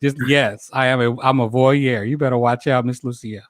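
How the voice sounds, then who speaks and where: A man's voice: medium pitch, fairly even intonation, moderate pace, no room sound, clean studio sound. A man in his forties hosting a casual livestream, chatting with viewers, laughing often and stumbling over his words. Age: 40s. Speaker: host.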